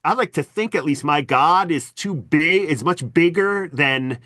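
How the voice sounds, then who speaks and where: A man talking as a podcast guest and historian, animated and self-deprecating, full of asides and fillers. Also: fairly high pitch, measured pace, no room sound, studio quality. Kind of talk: casual conversational interview.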